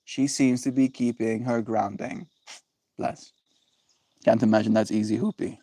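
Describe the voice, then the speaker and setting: Chill streamer dude rambling slow and playful, crickets going behind him. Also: male voice, on the low side, steady tone, warm tone, no echo. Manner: rambling, playful, lots of "right?". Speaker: livestreamer reading chat. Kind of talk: casual live-stream chat.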